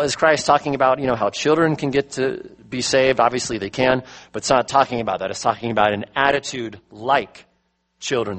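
Middle-aged male pastor, emphatic sermon delivery with slow stressed phrases. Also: medium pitch, fairly bright tone, poor audio. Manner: emphatic, slows to stress key words.

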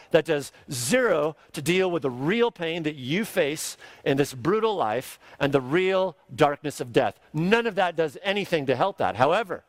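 A male pastor delivers a sermon with emphatic, insistent stress, hammering key words home. His voice sits a little on the high side, and the sound is dry with little room echo.

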